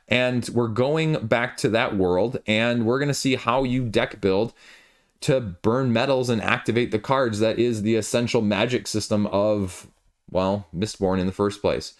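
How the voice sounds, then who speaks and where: A man's voice: mid-range voice, a little slow. A young man hosting a board game news show, chatting casually and rambling into self-deprecating asides, filmed at home late at night. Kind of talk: casual video commentary.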